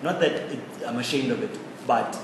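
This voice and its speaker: Co-host in his twenties from South Africa, opinionated and animated, recorded from far off in an echoey room with background noise. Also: mid-range voice, normal speed. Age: 20s. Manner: opinionated, animated, laughs often. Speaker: podcast co-host. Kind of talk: casual chat.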